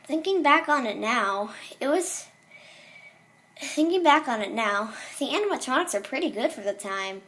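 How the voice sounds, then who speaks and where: Woman, reading a horror story aloud, casual, slightly high voice. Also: expressive, normal speed, fairly bright tone. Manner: casual reading with small slips and restarts.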